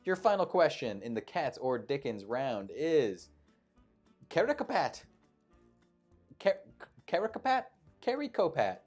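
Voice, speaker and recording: A man's voice: on the high side, sing-song, unhurried, long pauses, a little mellow, faint music behind. A man hosting a live online trivia show, reading questions and making playful, jokey asides between them. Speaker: quiz show host.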